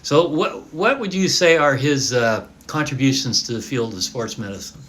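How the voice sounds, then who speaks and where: A man's voice: mid-range voice, moderate pace, fairly bright tone. A man hosting an interview, asking questions and giving short listening responses. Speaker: podcast interviewer.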